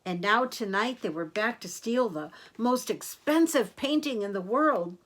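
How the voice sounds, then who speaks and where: Older woman storyteller, slow read-aloud for kids, gentle and animated. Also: on the high side. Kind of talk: reading picture books aloud to children.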